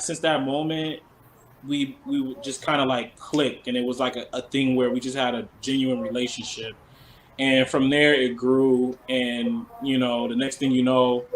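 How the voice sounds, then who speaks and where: A man's voice: mid-range voice, rough recording. Male guest, celebrity stylist, mid-range voice, loose rambling talk, faint background hiss. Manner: rambling, full of "like" fillers. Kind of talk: casual storytelling interview.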